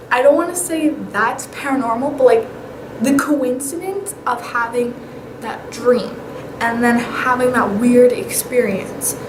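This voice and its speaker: A young woman vlogger telling paranormal stories in a casual, animated way. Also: fairly high pitch. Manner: chatty, animated, with whispered asides. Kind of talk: casual storytelling. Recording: echoey room with clear background noise.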